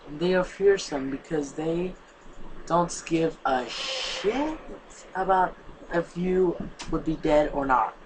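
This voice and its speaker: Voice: medium pitch, lively intonation, slow, noisy background. A young reader narrating fan fiction casually, with rambling asides and slang. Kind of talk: casual story reading.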